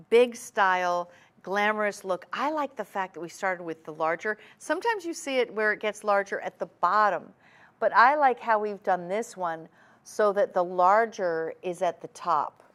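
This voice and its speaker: A woman hosting a TV shopping show, giving a chatty, enthusiastic sales pitch. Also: a bit bright. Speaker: TV shopping host.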